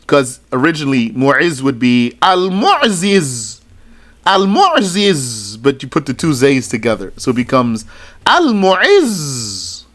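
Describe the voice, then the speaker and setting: A man's voice: medium pitch, a bit bright. A man teaching a religious studies lesson, reading out a list item by item and adding short explanatory asides. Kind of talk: slow recitation lesson.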